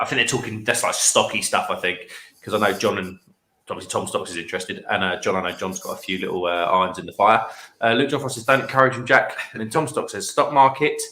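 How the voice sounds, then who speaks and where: A man's voice: fairly low pitch, pushed and bright, reverberant. A man hosting a casual late-night livestream, reading viewer comments aloud and laughing often. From England. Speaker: livestream host. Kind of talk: casual chat reading out live chat.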